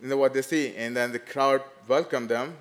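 A man preaching a sermon, animated, rising loud and dropping to hushed tones as he acts out the story. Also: medium pitch, normal speed.

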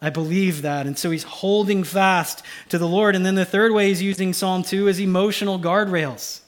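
A pastor preaching a sermon, swinging from loud urgency to a hushed, almost whispered delivery. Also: male voice, high-pitched, fairly even intonation, normal speed. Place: church sanctuary.

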